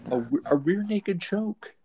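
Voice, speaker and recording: A man's voice: sits high, lively intonation, slow, warm tone, rough recording. A young man co-hosting a casual wrestling chat, offering opinions and often starting his lines with "which". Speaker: podcast co-host.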